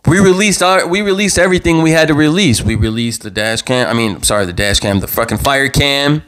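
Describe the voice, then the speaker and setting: A man's voice: on the high side, lively intonation, brisk, fairly bright tone. A man hosting his own live talk show, worked up and passionate, repeating words and swearing as he speaks. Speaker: show host. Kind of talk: impassioned live commentary. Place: own channel livestream.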